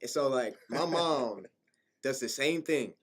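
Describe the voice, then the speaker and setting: A young man co-hosting a college radio show, telling rambling, animated stories in casual slang. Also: medium pitch, measured pace. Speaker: co-host. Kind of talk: casual chat.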